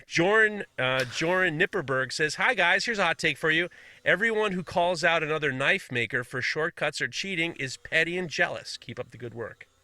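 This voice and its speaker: A man's voice: fairly high pitch, normal speed, bright, forceful tone, no echo. A man co-hosting a casual podcast, reading listener messages aloud with frequent laughs and blunt, swearing asides.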